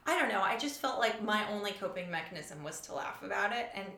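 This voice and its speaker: Woman in her 40s, chatty and wry, mid-pitched voice, echoey room. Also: animated, bright, forceful tone. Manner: chatty, quick storytelling with wry humor. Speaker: author and show creator guest. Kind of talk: casual interview chat.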